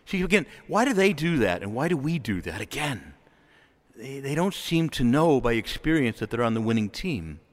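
A man, a Catholic priest, delivering a lively homily in church, acting out quoted voices and chuckling often. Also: mid-range voice, normal speed, in a large hall.

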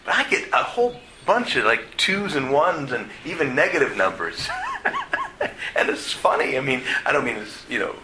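A middle-aged Catholic priest delivers a plain-spoken, conversational sermon in a church, halting and restarting along the way. His mid-range voice is very animated, and there's background noise.

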